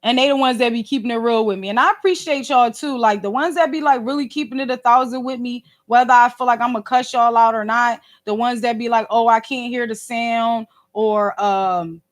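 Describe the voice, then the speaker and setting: Loud, high-voiced woman streaming. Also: brisk, few pauses. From Philadelphia. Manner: animated and slangy, fond of rhetorical asides; loud and emphatic, sometimes snapping. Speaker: podcast host and livestreamer. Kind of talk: casual livestream chat. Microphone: phone livestream.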